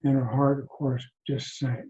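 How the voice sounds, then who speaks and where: Male mindfulness teacher, soft and reflective, mid-pitched, muffled video call sound. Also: flat delivery. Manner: soft-spoken, halting, many restarts. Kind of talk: reflective talk to an online group. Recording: dull lo-fi video call audio.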